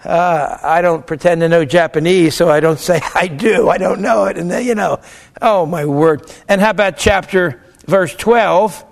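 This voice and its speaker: A man giving a theology lecture in an animated, emphatic way, posing rhetorical questions and answering them himself. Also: on the high side, normal speed, creaky. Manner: animated, argues both sides of a question aloud.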